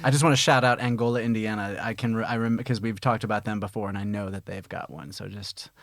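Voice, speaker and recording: A man's voice: lowish voice, fairly even intonation, fast talker, fairly bright tone, no echo, studio quality. Hesitant, playful male podcast host. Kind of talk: casual podcast chat. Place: studio.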